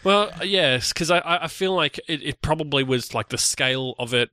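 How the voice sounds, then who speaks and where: A man's voice: a little high, moderate pace, bright, forceful tone, dry recording, clean studio sound. A man co-hosting a casual podcast, rambling with restarts and fillers. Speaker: podcast co-host.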